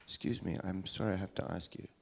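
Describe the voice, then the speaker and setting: A man voicing an adult American tennis coach with an American accent, speaking politely and softly. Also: deep voice, steady tone, fast talker, gravelly, husky, heavily acted. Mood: earnest.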